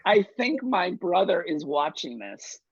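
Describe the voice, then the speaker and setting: A man telling a personal story at a story slam, animated and self-mocking, over a video call. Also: high voice, measured pace, slightly rough, dry recording, highs cut off.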